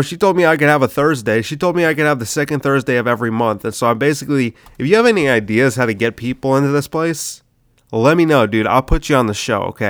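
A man's voice: mid-range voice, no room sound, clean studio sound. A sick man hosting his comedy podcast, rambling loosely with swearing and lots of "dude". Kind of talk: casual rambling monologue.

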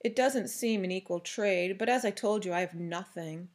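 A weary young mother, anxious but holding steady, read by a woman narrator. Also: mid-range voice, normal speed, lightly acted.

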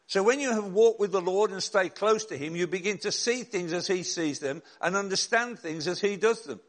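A middle-aged man delivers a sermon as a pastor, his voice sitting high for a man. He tells stories from the pulpit and draws out key words for emphasis. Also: fairly bright tone. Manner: storytelling, slows and rises for emphasis.

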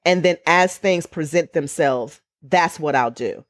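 Her voice sits low and her pace is measured as this middle-aged woman reflects on her life in a podcast chat. Close to tears, she speaks earnestly and with emotion, circling back to phrases to stress them, all captured in a close, dry recording.

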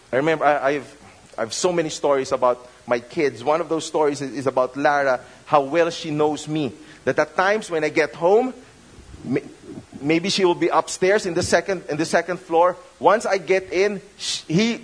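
A man's voice: fairly high pitch, poor audio. A middle-aged man with a Filipino accent, preaching a conversational sermon that slips into Tagalog phrases. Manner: conversational, mixes in Tagalog phrases, many restarts. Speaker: pastor.

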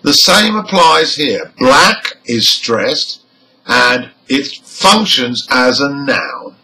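A man's voice: medium pitch, very animated, very slow, sharp tone, low-quality recording. A man teaching English word stress, explaining rules and enunciating example words carefully. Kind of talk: slow, deliberate lesson explanation.

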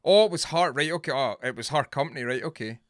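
A man's voice: mid-range voice, fast talker, dry recording, studio quality. A Scottish man co-hosting a casual podcast, sweary and rambling. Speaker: podcast co-host. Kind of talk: casual chat.

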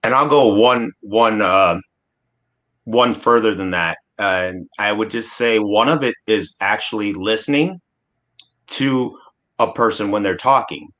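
A man in his forties from Alaska with a lowish voice, speaking as a guest in a relaxed discussion. He talks earnestly and with emphasis, often starting a sentence over before pushing on. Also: unhurried. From Alaska, USA. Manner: earnest, emphatic, with many restarts. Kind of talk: casual panel discussion.

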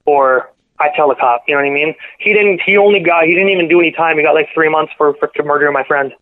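A man guest on a podcast telling a painful personal story in a halting, earnest way, often correcting himself. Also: fairly high pitch. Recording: phone-line audio.

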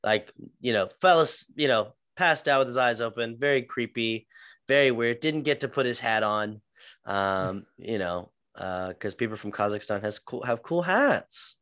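A man's voice: mid-range voice, expressive, moderate pace, fairly bright tone, no room sound. Rambling, joking male podcast co-host. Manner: rambling, joking, stumbles over names. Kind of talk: casual chat about fights.

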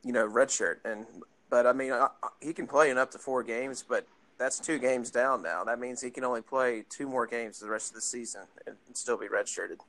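A young man co-hosting a casual sports chat, explaining things in an easygoing, measured way. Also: mid-range voice, a bit bright. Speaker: podcast co-host.

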